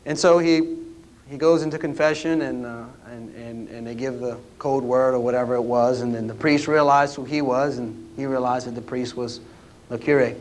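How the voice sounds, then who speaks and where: Brief: man, historian, folksy storytelling lecture, middle pitch. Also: steady tone, normal speed. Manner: folksy, anecdotal, with many "uh" restarts. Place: lecture room at a history roundtable.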